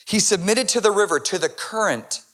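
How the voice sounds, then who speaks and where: Impassioned preacher man, fairly high voice. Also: lively intonation, normal speed. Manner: impassioned, swings from hushed to loud. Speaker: pastor. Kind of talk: sermon.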